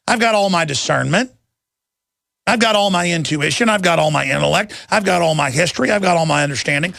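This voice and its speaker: Gravelly, high-pitched ranting man. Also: fairly bright tone, dry recording, studio quality. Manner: ranting, combative, scornful. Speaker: radio talk show host. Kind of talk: angry radio monologue.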